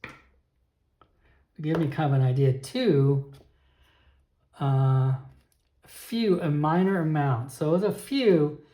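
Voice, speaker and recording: A man narrating a solo tabletop game, thinking aloud with frequent pauses and restarts. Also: fairly high pitch, animated, warm tone, reverberant.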